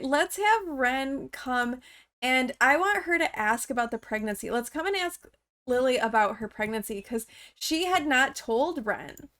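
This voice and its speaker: A woman giving chatty, casual gameplay commentary with frequent gasps and excited exclamations. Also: high-pitched. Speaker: let's play host.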